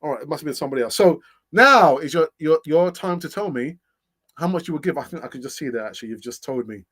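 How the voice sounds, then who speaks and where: A man's voice: a little high, animated, fast, a bit bright, husky. Chatty man hosting a live stream. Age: middle-aged. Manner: chatty, laughs often, thinks aloud with fillers. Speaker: host of a fan channel live stream. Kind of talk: casual live-stream chat reading comments.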